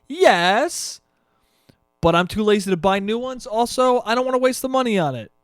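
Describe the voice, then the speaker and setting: A young man talks alone into the mic, his voice sitting high and loose as he swears and rambles through his own casual podcast. He keeps making fun of himself. The sound is close and dry with no room around it. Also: sing-song, normal speed, dry recording. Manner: profane, rambling, self-mocking. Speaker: podcast host. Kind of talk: casual solo podcast chat.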